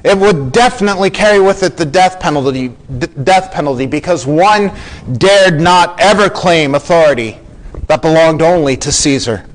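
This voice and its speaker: A man's voice: on the high side, poor audio. A man preaching a sermon as a pastor, explaining scripture earnestly and acting out the quoted lines.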